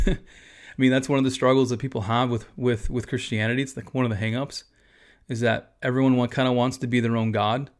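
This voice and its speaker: Man, pastor, casual podcast teaching, conversational asides, middle pitch. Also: little pitch movement, fairly quick.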